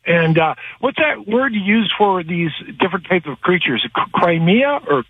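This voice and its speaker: A man's voice: high voice, moderate pace, breathy edge, dry recording. Rambling male caller on a tinny phone line. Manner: rambling, animated, many restarts. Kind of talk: phone-in storytelling. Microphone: telephone.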